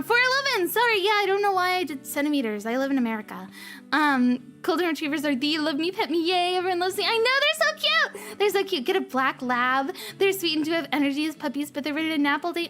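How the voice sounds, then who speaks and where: High-voiced bubbly woman streamer. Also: a bit bright. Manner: bubbly, rambling, playful. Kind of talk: casual chat. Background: faint background music.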